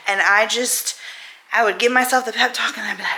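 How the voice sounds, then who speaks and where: A woman's voice: fairly high pitch, lively intonation, fast, pushed and bright. A woman vlogging in a chatty, upbeat way, saying "y'all" and "girl", and at times out of breath from walking. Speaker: weight-loss vlogger. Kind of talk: casual chat to camera.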